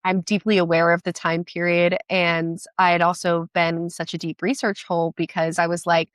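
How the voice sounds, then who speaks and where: A woman chatting as a podcast guest, enthusiastic and quick, with many restarts. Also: fairly low pitch, level tone, no room sound. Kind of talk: casual podcast chat.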